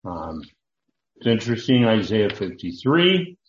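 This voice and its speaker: Older bass-voiced preacher, slow and halting. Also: male voice, big pitch swings, roomy sound, muffled recording, slight background noise. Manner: slow, halting, with many fillers and restarts. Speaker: pastor. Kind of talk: sermon.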